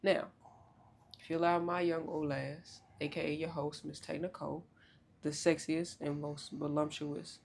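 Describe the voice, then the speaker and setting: A young woman hosting a podcast in casual chat, loud, joking and profane, with big swoops in pitch. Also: little pitch movement, moderate pace, gravelly, a little hiss or hum. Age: young adult. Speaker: podcast host.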